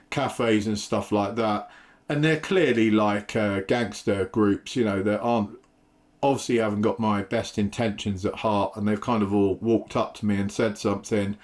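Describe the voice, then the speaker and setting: A man with an English accent giving a casual, rambling travel talk to camera, full of fillers. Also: lowish voice. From England. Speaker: travel vlogger.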